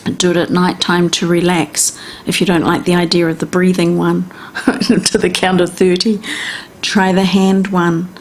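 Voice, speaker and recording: A middle-aged woman with a New Zealand accent, hosting a radio health and wellness talk and gently coaching listeners step by step in a chatty way. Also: on the low side, level tone, measured pace, slight background noise. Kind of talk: casual instructional radio talk.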